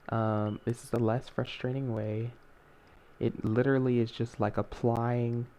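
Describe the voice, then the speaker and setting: Young male tutorial host, mellow tone, chatty and self-correcting, faint background noise. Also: mid-range voice. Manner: rambling, self-correcting, many fillers. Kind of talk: casual screen-recorded tutorial.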